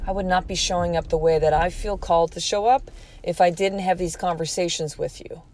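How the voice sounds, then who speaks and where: A woman's voice: on the low side, fairly even intonation, fairly quick, a little mellow, poor audio. A woman hosting a solo motivational podcast, talking bluntly and with a lot of swearing, fired up and pushing her listeners hard. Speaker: podcast host.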